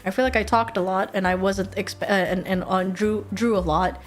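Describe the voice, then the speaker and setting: A young woman streaming a casual chat, talking in a lively, animated way. She swears freely and laughs often, at a middling pitch, with faint music in the background. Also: normal speed.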